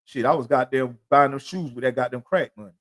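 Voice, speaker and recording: Medium in pitch but fast and a touch bright, a man delivers a solo podcast monologue. He rambles through street stories full of cursing, talks in casual slang, and repeats "you know what I'm saying."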